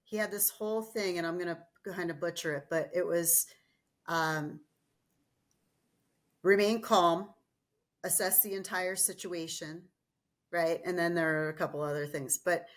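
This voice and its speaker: A woman's voice: fairly low pitch, steady tone, measured pace, pauses often. A woman guest on a podcast, chatty in casual conversation, laughing often and losing her train of thought. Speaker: guest, gym general manager.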